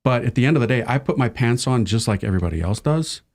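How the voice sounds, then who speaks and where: A man, a priest and podcast guest, chatting casually and telling animated stories, acting out the people he quotes. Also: mid-range voice, quick pace. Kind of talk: casual conversation.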